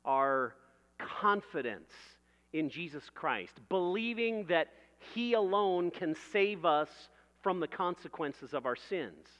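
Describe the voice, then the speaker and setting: A man's voice: a little high, animated, takes it slowly, long reverb tail, highs cut off. A man preaching a sermon in a conversational way, building vivid everyday illustrations and laughing at his own jokes.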